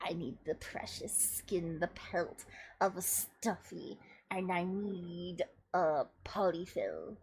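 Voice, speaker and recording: A woman putting on the voice of a creepy female stuffed-toy necromancer, speaking low and hushed with a menacing edge. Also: lively intonation, slow pace, creaky, slightly rough, exaggerated voice.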